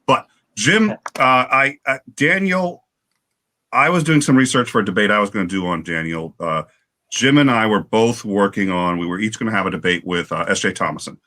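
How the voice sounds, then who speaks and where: On a livestream panel, a man with a lowish voice tells a story in casual chat. He is animated but halting, restarting often.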